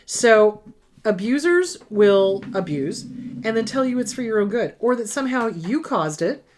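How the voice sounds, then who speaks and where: A woman's voice: on the high side, big pitch swings, measured pace, a little mellow. A middle-aged woman therapist answering viewer questions in a blunt, emphatic advice talk, sometimes mocking abusers in put-on voices.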